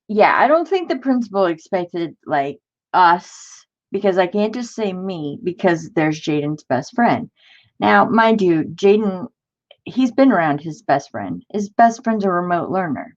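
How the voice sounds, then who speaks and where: A woman's voice: lowish voice, very animated, slow pace, a little mellow, muffled recording. A woman hosting a crafting stream, venting in casual chat and answering viewers in the chat. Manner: exasperated, talks to live chat viewers. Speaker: crafting channel host.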